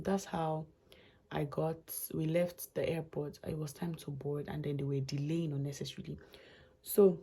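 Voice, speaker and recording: A woman's voice: sits low, creaky, mellow, slightly rough. A young woman, telling a rambling, emotional travel story in a casual vlog. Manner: chatty, rambling with restarts and asides, emotional. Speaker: vlogger.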